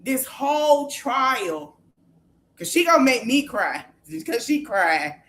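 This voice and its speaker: A woman podcast host vents in a heated, profane livestream rant. She repeats phrases for emphasis and breaks into shouts. Her voice sits slightly high. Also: very animated, slow.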